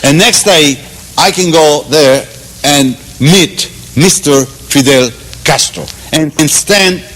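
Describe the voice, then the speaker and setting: A man's voice: fairly high pitch, slow, in a large hall, voice pushed up, poor audio. A man voicing a sly Cuban man who answers with mock-earnest repetition. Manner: mock-earnest, building to a shout. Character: sly male Cuban man topping a brag.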